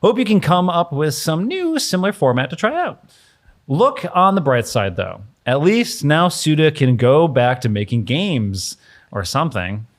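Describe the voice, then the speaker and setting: A man's voice: on the high side, very animated, a little slow. A man co-hosting a casual show, chatting in an easygoing way and reading viewer mail aloud. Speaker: show co-host. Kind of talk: casual chat.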